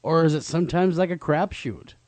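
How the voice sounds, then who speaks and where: A man's voice: on the high side, a little fast, a little mellow, dry recording. A man co-hosting a talk show who asks curious questions in casual chat. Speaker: co-host.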